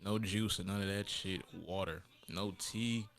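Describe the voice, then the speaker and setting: A man's voice: lowish voice, steady tone, measured pace, a bit bright, slight background noise. A young man co-hosting a podcast, blunt and profane, retelling stories in casual chat. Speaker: podcast co-host.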